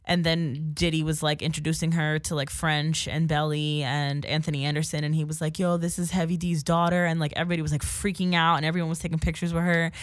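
A woman's voice: sits low, little pitch movement, quick pace, few pauses, dry recording, clean studio sound. A woman hosting a podcast, telling stories in a chatty, casual way full of "like" and the odd swear word. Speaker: podcast host. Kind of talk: casual chat.

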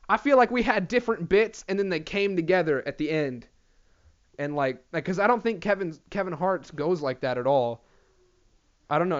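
A man's voice: fairly high pitch, muffled recording. A young man hosting a podcast alone, rambling through a crude comedy monologue, swearing freely and laughing at himself. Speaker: podcast host.

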